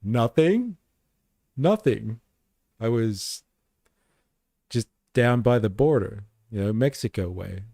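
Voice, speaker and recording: A man's voice: fairly low pitch, expressive, takes it slowly, vocal fry, pauses often, warm tone, no room sound, clean studio sound, heavily acted. A man doing a joking impression of a drowsy old male politician, sneaky and mumbling. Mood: furtive.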